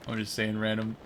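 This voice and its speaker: Slow, low-voiced playful streamer man. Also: fairly bright tone. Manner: playful, jokey, chatting with viewers. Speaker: game streamer. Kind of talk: casual gameplay commentary. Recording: clear background noise.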